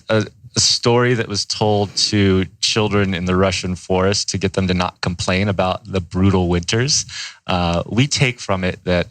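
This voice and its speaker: A relaxed, friendly man who laughs easily, telling a story as a podcast guest. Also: low-pitched, no echo. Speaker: guest, company co-founder.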